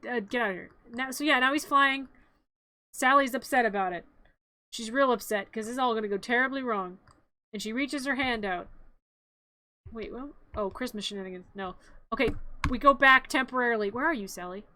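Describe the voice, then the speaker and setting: A woman streamer casually narrating along with a film, rambling with playful, deadpan jokes. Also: on the high side, dry recording. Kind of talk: casual live-stream commentary.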